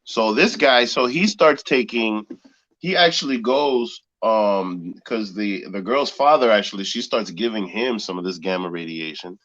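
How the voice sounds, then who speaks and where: A man with a fairly low voice tells a story with lots of energy, laughing and acting out sounds. He's chatting casually on a podcast. The recording is dull and muffled. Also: unhurried. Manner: animated storyteller, laughs often, mimics sounds. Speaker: podcast co-host. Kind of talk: casual chat. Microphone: phone.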